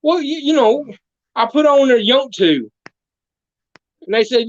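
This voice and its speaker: A man's voice: very high-pitched, normal speed, long pauses, highs cut off. A man telling a comedic folksy story as a guest, drawling and full of country sayings.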